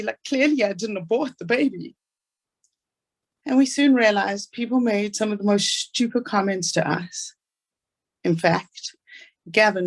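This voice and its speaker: A woman's voice: mid-range voice, darkish tone. A woman with a South African accent giving an earnest, inspirational talk about her own life. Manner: earnest storytelling, fast asides. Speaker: speaker.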